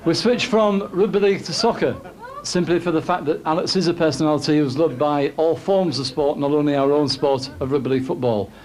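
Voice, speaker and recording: A man acting as master of ceremonies at a dinner, introducing speakers in a brisk, jokey way. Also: a little high, a little mellow. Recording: noisy banquet room with crowd.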